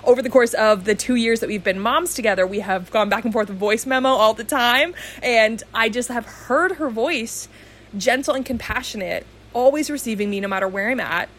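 A woman's voice: fairly high pitch, moderate pace, a bit bright. A woman hosting a podcast, talking in an enthusiastic, chatty way and laughing easily. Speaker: podcast host. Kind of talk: casual chat.

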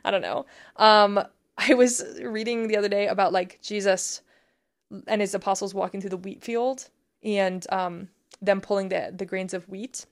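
A woman's voice: mid-range voice, fairly even intonation, moderate pace. A woman co-hosting a casual faith podcast, explaining step by step in an earnest, chatty way full of "like"s. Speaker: podcast co-host teaching prayer practice.

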